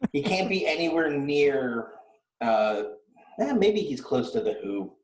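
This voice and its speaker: A man's voice: fairly high pitch, sing-song, a little slow, a little hiss or hum. Profane ranting man in an echoey room. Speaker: podcast co-host. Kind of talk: casual chat.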